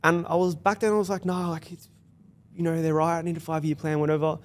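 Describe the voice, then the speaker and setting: A young Australian man guests on a casual podcast and tells his story at a quick clip. His voice sits somewhat high for a man, and he acts out the lines of the people in it. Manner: fast, animated storytelling with quoted dialogue. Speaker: guest, business founder.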